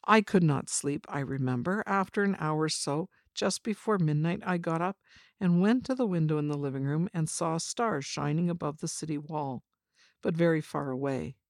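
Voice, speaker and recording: A woman with a fairly low voice reads a first-person memoir, measured and reflective. The sound is close and dry, with no room around it. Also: no room sound. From China. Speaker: narrator of a personal story.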